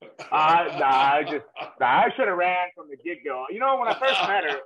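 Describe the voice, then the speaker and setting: A man's voice: a little high, very animated, normal speed, a crowd in the background. A man telling rambling, laughing stories as a guest on a talk show. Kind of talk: casual storytelling. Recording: tinny phone-like line.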